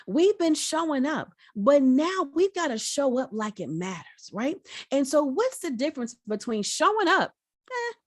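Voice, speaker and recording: A middle-aged woman from Virginia, giving a lively, preacherly motivational talk over a video call and speaking straight to her audience. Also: sits high, normal speed, no echo, studio quality. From Virginia, United States. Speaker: guest speaker.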